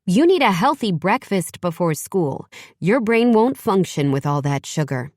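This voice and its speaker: A woman's voice: fairly low pitch, sing-song, unhurried, darkish tone, no echo, studio quality. A woman voicing a protective single mother who speaks firmly and scolds. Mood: scolding. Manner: firm, scolding.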